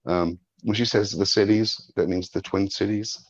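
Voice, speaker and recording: A man in his forties co-hosting a live stream in casual chat, rambling and quick to laugh. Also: lowish voice, fairly even intonation, dry recording, lo-fi sound. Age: 40s.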